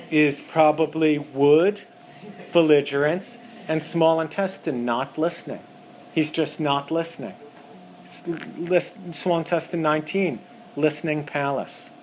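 A man teaching a class on acupuncture diagnosis, talking in an animated way and mimicking callers' voices to make his points. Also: on the high side, slight background noise. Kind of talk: lecture with acted examples.

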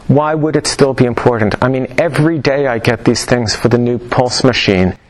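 A man's voice: medium pitch, moderate pace, poor audio. Man lecturing with chatty wry asides. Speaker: teacher of Chinese medicine. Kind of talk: informal lecture to a class.

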